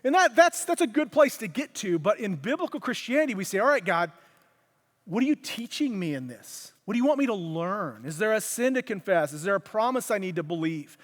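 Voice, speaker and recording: A man preaching a conversational sermon, acting out quotes with lively shifts in voice, recorded in a church. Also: high voice, brisk. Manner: conversational, animated, acts out quotes. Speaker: pastor. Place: church hall. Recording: long hall reverb.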